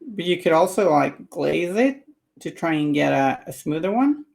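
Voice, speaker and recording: A woman's voice: low-pitched, big pitch swings, normal speed, creaky, darkish tone. A woman chatting casually on a live stream while painting miniatures and answering viewer comments.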